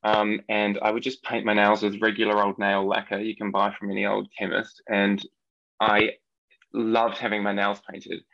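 A man's voice: fairly low pitch, completely flat delivery, moderate pace, creaky, fairly bright tone, no room sound. A man in his thirties with a New Zealand accent, chatting as a podcast guest in a giggly way with many ums. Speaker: podcast guest, nail artist. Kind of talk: casual interview chat. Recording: dull, lo-fi dry remote audio.

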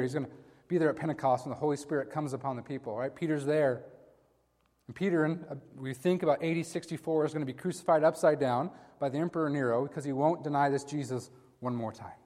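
A man's voice: fairly high pitch, a little mellow. A man preaching a sermon in a conversational way, talking to his listeners as guys. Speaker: pastor. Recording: long hall reverb.

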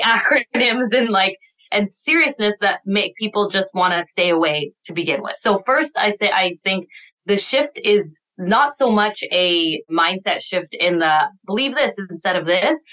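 Upbeat woman, bright and forceful voice, laughing often, casual podcast chat. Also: medium pitch, expressive, normal speed. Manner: many "like" fillers. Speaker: guest, accountant and bookkeeping coach.

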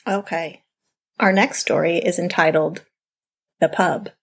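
A woman's voice: fairly low pitch, fairly even intonation, a little slow, slightly rough. Giggly woman reading a listener story. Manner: giggly, reads steadily. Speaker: podcast co-host reading listener stories. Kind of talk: casual chat and story reading.

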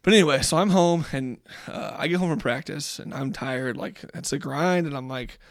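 Gravelly-voiced man telling a dad story. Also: on the high side, moderate pace, no echo, clean studio sound. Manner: rambling and reflective, many fillers. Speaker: podcast co-host; father. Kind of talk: casual storytelling chat.

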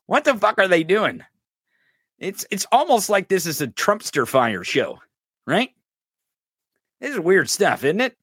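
His voice sits high with big swings in pitch, a fairly bright tone and a breathy edge, and he talks a little slowly with long pauses. Recorded clean in a studio with no echo, the podcast host mocks and swears through political commentary while calling out a chat listener directly.

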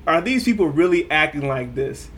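A man's voice: a little high, very animated, normal speed, a bit bright. A man in a casual podcast movie chat, blunt and profane, making his points emphatically. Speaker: podcast co-host.

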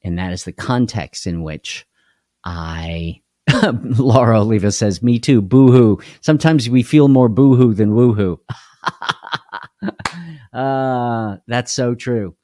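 A tired, worn-out man leads a live devotional in a relaxed, folksy way. He chats with his viewers and greets them by name. His voice is close and dry, with no room sound behind it. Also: mid-range voice, slow pace, pauses often, no echo. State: tired and unwell. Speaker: devotional livestream host. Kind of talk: casual livestream devotional.

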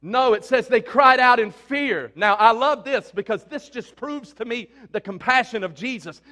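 Man, preacher, very high voice, emphatic, conversational sermon, asks questions. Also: normal speed, hardly any pauses, bright, forceful tone.

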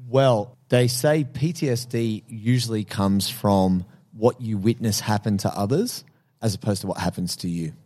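A man, co-hosting a casual podcast and telling stories in an animated way, acting out his own reactions. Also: lowish voice, moderate pace. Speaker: podcast co-host and jiu-jitsu coach.

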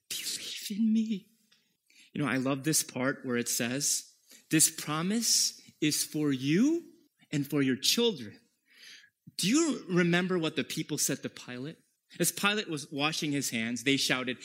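A man preaching a sermon as pastor, emphatic and at times dropping to a hushed whisper. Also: mid-range voice, lively intonation, unhurried.

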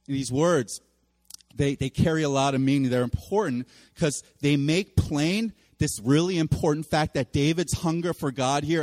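A man preaching a sermon as pastor in a church, animated and acting out the voices of people he quotes. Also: fairly high pitch, in a large hall. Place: church sanctuary.

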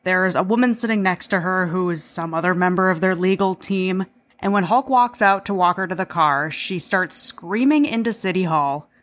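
A woman's voice: lowish voice, moderate pace, fairly bright tone. A woman hosting a podcast, recapping an episode in a chatty way, with swearing and self-deprecating asides. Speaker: podcast host.

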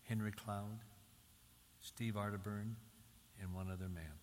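A man's voice: on the low side, steady tone, measured pace, a little hiss or hum. An older man from Michigan giving an emphatic sermon-style talk, repeating key phrases with rising intensity. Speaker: Christian speaker. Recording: reverberant hall, faint ambience.

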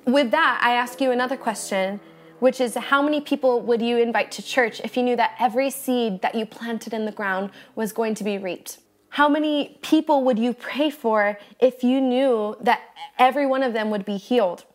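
A woman's voice: a little high, moderate pace. A young woman hosting a devotional podcast, preaching in an earnest, encouraging way and speaking straight to her listeners. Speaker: podcast host.

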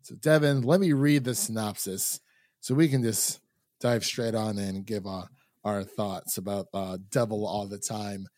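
A man's voice: lowish voice, fairly even intonation, a little slow, darkish tone, no echo, studio quality. A man from Ohio hosting a film review podcast in casual chat, laughing often. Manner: laughs often, chatty with fillers. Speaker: podcast host.

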